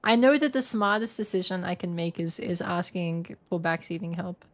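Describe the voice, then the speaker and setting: A woman's voice: on the low side, steady tone, moderate pace. A woman in her twenties chatting casually and playfully with her viewers while she plays a game and reads chat. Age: 20s. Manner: playful, giggly, thinks aloud. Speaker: streamer.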